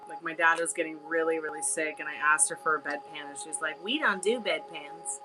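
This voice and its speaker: A woman's voice: sits low, flat delivery, quick pace, over music, poor audio. A woman hosting a live tarot stream, telling a rambling story in a chatty, casual way. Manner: chatty, rambling, with filler words. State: on a crutch.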